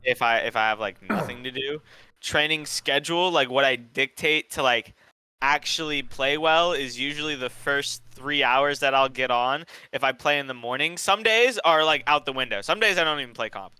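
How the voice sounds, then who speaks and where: A man's voice: medium pitch, moderate pace, sharp tone, clear, resonant tone, no echo, low-quality recording. A man in his twenties chatting casually about his routine, rambling and trailing off. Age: 20s. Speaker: student player being coached. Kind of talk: casual chat.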